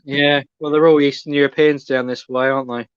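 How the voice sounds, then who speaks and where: A man's voice: mid-range voice, level tone, fairly quick, smooth, no room sound. A man, chatting casually in a blunt, agreeable way. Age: 30s. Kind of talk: casual chat. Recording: dull lo-fi sound.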